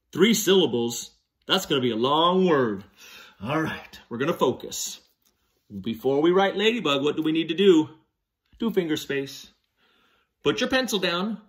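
A man teaching young children to write letters, giving slow, patient step-by-step instructions. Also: fairly high pitch. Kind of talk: children's handwriting lesson.

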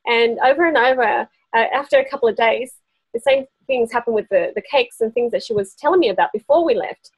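A woman with a slightly rough, somewhat high voice speaks fairly quickly in a lo-fi recording with no room sound. She's giving a small group a casual workshop on essential oils, chatty, often laughing, and performing quoted voices.

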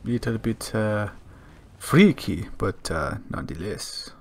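Guy doing a cocky fake-accent action hero, boasting, dips into low mutters. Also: expressive, slow pace, heavily acted. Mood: swaggering. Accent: put-on, faltering foreign accent. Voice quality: boastful, hammy, drops to low mutters for asides. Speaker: gaming YouTuber. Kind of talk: comedic gameplay commentary in character.

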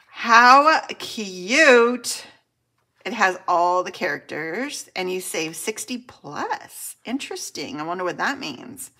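A middle-aged woman with a raspy voice, gushing and laughing as she unboxes mail for her budgeting channel. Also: mid-range voice. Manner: gushing and excitable, laughs often. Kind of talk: casual unboxing chat to camera.

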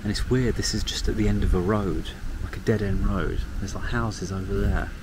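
A young man talks casually as he walks, filling his chatter with "like" and amused asides. His voice sits fairly low. Wind and passing cars come through loudly behind him. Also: steady tone, moderate pace. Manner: chatty, amused commentary with frequent "like". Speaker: walking vlogger. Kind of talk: casual outdoor walking vlog. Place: outdoors, countryside fields and villages. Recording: outdoor noise, wind and passing traffic.

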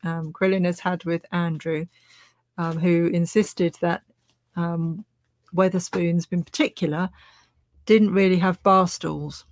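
A woman's voice: on the low side, steady tone, takes it slowly, no room sound. A woman co-hosting a livestream, reading viewer comments with dry, teasing asides. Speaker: co-host reading live chat. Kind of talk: casual chat.

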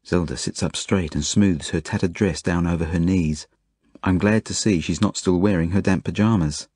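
A man's voice: low voice, normal speed, a little mellow, breathy edge, dry recording, studio quality. A man narrating a children's novel in the first person, in an earnest, plain storytelling manner. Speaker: audiobook narrator.

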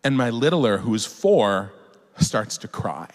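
A man in his forties telling stories to an audience from a stage, animated and cussing, acting out voices. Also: on the low side, a little slow. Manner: animated, swearing, acts out kids' voices. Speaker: author on stage. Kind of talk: storytelling to an audience. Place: large opera hall. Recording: echoey hall from the stage.

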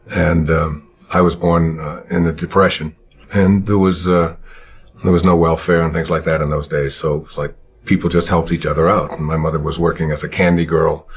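An older man from Michigan telling childhood stories in an interview, halting with many fillers and restarts. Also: low voice, slightly rough. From Michigan, USA. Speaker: interviewee, self-help author. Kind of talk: reflective storytelling. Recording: dull lo-fi interview recording.

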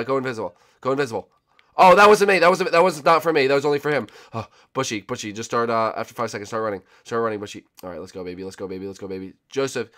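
A man hosting a gaming channel, giving excitable gameplay commentary and often repeating his words. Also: lowish voice. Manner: excitable, repeats himself a lot.

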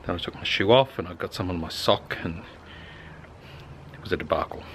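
Australian male vlogger, deadpan and rambling, low-pitched, faint background hiss. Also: a little fast. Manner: dry, rambling, deadpan humor. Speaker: vlogger, amateur astronomer. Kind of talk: casual vlog narration.

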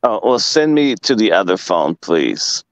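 Slow, low-voiced profane male commentator. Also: big pitch swings, no echo, poor audio. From Washington, D.C. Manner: profane, emphatic, lecturing. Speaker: guest commentator. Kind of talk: casual livestream talk.

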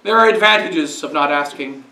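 A priest giving a sermon in a conversational preaching style, asking rhetorical questions. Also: male voice, a little high, lively intonation, normal speed, pushed and bright, a little hiss or hum. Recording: roomy echo, speaker far from mic.

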